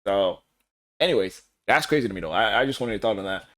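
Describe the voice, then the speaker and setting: A man co-hosting a podcast, chatting casually and acting out quotes in animated bursts. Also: lowish voice, quick pace. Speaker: podcast co-host.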